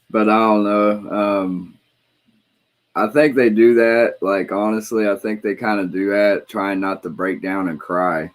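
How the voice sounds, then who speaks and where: A man's voice: on the low side, steady tone, takes it slowly, pauses often. A man in casual conversation, telling rambling, profane stories in a laid-back way. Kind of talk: casual chat.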